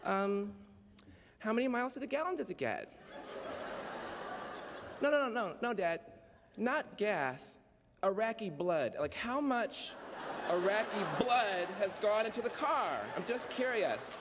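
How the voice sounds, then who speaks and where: A man's voice: sits high, lively intonation, a little slow, long pauses, noisy background. A man voicing an earnest, eco-minded young woman friend who speaks in a prim, mock-innocent way. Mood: needling. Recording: long hall reverb.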